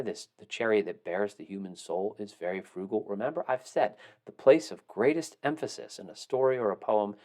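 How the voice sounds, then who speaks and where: A man teaching a poetry lesson in a recorded lecture, explaining step by step and asking questions he then answers himself. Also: lowish voice.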